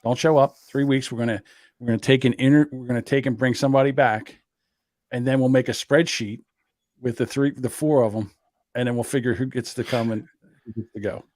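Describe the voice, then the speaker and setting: A man's voice: medium pitch, fairly even intonation, a little fast, a little mellow, no echo, clean studio sound. A man hosting a podcast, chatting casually and joking, with loose restarts. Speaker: podcast host. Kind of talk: casual chat.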